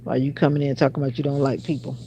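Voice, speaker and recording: A woman's voice: very deep voice, level tone, very fast, dark tone, a little hiss or hum. A woman hosting a casual livestream, chatting and answering viewer comments aloud. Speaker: livestream host.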